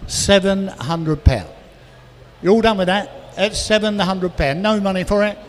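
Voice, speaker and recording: A man working as an auctioneer, calling bids quickly and adding chatty asides about each car. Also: high voice. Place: auction hall, indoors. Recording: reverberant hall with faint noise.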